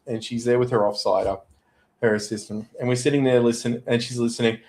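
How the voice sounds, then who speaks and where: A man chatting as a podcast guest. He tells his stories in an animated, everyday way, with a voice sitting in the middle of the male range. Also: medium pitch, quick pace, a little hiss or hum, poor audio. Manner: animated storyteller. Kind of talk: casual podcast chat.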